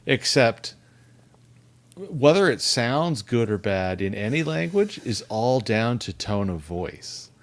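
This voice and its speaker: A man joins a casual chat about a show and drawls slowly while tossing in film references. He laughs easily. The mic is close and dry, with a mid-pitched voice. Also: very animated, dry recording.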